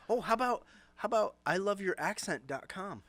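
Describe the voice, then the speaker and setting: A man's voice: sits high, animated, normal speed, fairly bright tone, no echo. A middle-aged man co-hosting a casual podcast, with a mumbly voice, often chuckling as he talks. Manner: giggly, chuckles through his lines. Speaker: podcast co-host.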